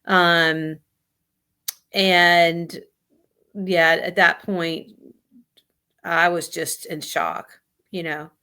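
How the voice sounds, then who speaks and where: A woman guest giving an emotional personal account in an interview, speaking haltingly with many pauses and fillers. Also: lowish voice, steady tone, bright, forceful tone, clear, resonant tone. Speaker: guest sharing lived experience of suicide loss.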